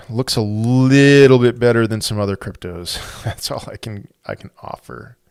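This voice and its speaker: Smooth-voiced man hosting a casual livestream. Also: medium pitch, unhurried, a little mellow, dry recording, clean studio sound. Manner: thinks aloud, rambling with restarts. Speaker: crypto livestream host. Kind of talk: casual livestream chat, reading viewer comments.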